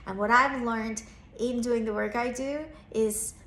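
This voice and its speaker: A therapist and parenting coach in her thirties shares a personal story in an earnest, reflective way, lifting her voice whenever she acts out quotes. Her pitch is fairly high and her tone steady and a bit bright, at a measured pace in a roomy-sounding space.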